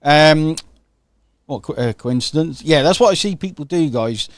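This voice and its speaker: A man's voice: a little high, expressive, moderate pace, no echo, studio quality. A man hosting an online interview, talking casually and enthusiastically, often checking in with "okay?". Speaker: host.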